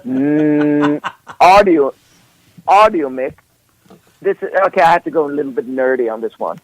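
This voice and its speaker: A man's voice: on the high side, moderate pace, rough recording. A man whose first language is Swedish, a musician guest on an internet radio interview, talking playfully with fillers and frequent laughs.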